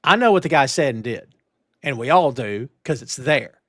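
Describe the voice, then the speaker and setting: A man hosting a wrestling news talk show, emphatic and animated, with lots of restarts. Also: medium pitch, normal speed, dry recording, clean studio sound. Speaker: podcast host. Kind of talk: casual wrestling news chat.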